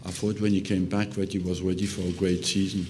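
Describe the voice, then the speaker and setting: Older guy answering reporters, real low voice, pretty monotone, lots of uhs. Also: slight background noise. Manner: hesitant, with many drawn-out fillers. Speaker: football manager. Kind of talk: press conference answers.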